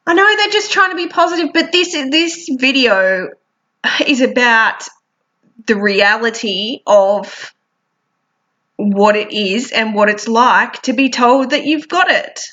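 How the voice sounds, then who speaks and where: Blunt, teary woman, high voice. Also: animated, takes it slowly, fairly bright tone, lo-fi sound. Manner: blunt and frank, swears freely. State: teary and sniffly. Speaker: vlogger. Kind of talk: candid personal vlog.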